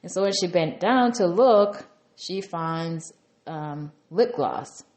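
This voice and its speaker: A woman's voice: lowish voice, expressive, takes it slowly, darkish tone, reverberant. A woman recapping a reality TV episode in a chatty, rambling way, full of "you know" fillers. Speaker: TV recap reviewer.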